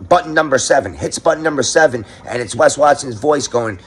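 A man's voice: medium pitch, lively intonation, fast talker, few pauses, a little hiss or hum. A man with a New York accent hosting a crude, sarcastic comedic rant, swearing constantly. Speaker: commentary host.

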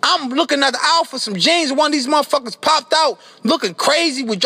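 Casting note: a Philly-man for a comedic rant, bright and tense, swearing nonstop, exasperated. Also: very high voice, brisk, few pauses. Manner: animated, exasperated, swearing constantly, breaks into yelling. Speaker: comedic rapper doing an outro skit.

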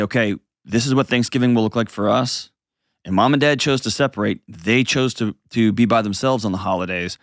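A man's voice: lowish voice, fairly bright tone, no echo, studio quality. Blunt male advice host. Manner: blunt, emphatic, repeats phrases for weight. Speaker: host giving advice to a caller. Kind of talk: advice call-in show.

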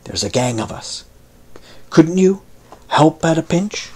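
A man doing a husky whispering conspirator. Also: a little high, lively intonation, darkish tone, exaggerated voice. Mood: furtive. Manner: quick, cautionary, conspiratorial. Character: furtive male sailor plotting in whispers.

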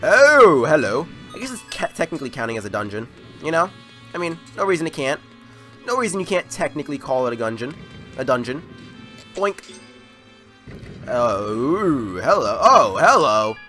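A young adult host giving jokey, animated commentary over a video game playthrough, often talking back to the game. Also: mid-range voice, moderate pace, long pauses, soft background music. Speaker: let's play host.

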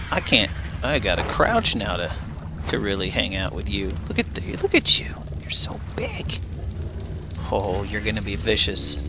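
A man hosting a gaming channel, giving casual let's-play commentary and cooing baby talk at the animals he tames. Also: lowish voice. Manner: chatty, coos baby talk at his pets. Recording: clear background noise with game sounds.

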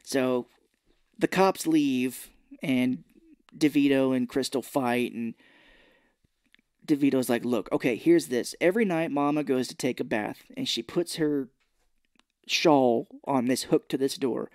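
Speaking a little slowly with long pauses, a medium-pitched man co-hosts a podcast recorded in a clean studio without echo. He gives a casual film recap, animatedly retelling the plot and acting out characters' quotes.

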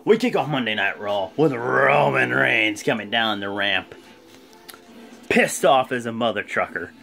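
A man hosting a casual vlog, recapping events in a rambling, animated way. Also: medium pitch, unhurried, creaky, over music. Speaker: host.

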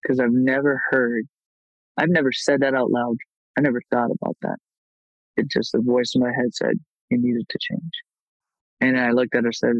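A man in his thirties, a martial arts instructor, telling his life story openly in a casual podcast interview, animated when he retells scenes. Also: medium pitch, dry recording, highs cut off.

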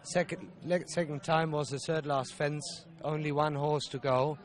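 A man rider interviewed outdoors after his round. He talks in short, halting sentences with simple phrasing. His voice sits a little above the usual pitch for a man. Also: fairly even intonation. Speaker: event rider. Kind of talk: post-competition interview.

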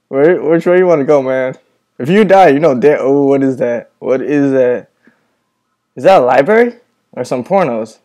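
A man's voice: medium pitch, dark tone. A man playing a horror game at night with a friend, commenting nervously and swearing into a headset at home. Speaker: gamer reacting to a horror game. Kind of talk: casual gaming commentary. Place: room at home with the lights on, at night.

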